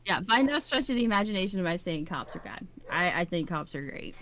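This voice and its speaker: A woman telling a story in casual chat, chatty and animated. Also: fairly low pitch, fast talker, background noise. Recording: dull lo-fi recording.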